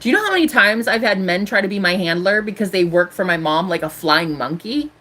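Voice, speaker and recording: A woman's voice: medium pitch, lively intonation, brisk, bright, forceful tone. Angry ranting woman in her thirties. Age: 30s. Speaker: tarot reader streamer. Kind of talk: live stream monologue.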